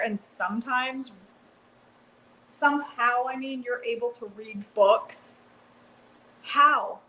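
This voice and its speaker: A woman hosting a live cooking stream from her home kitchen, chatting excitedly and answering viewers by name. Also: a little high, slow pace, pauses often, a little hiss or hum, rough recording. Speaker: cooking livestream host. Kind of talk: casual live cooking chat, reading comments.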